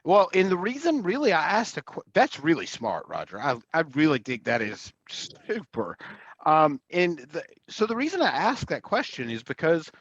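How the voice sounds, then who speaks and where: An enthusiastic man hosts the talk in a somewhat high voice whose pitch swings lively up and down. He stumbles and restarts as he jumps in eagerly. His audio is muffled and lo-fi. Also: moderate pace, slightly rough, no echo. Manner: enthusiastic, many fillers and restarts. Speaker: host and sales coach. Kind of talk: casual interview conversation.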